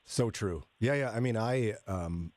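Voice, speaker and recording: A man's voice: lowish voice, measured pace, darkish tone, no echo. A man hosting a morning radio show in a studio, chatty and joking with his co-hosts. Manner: chatty, jokey, laughs often. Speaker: radio host.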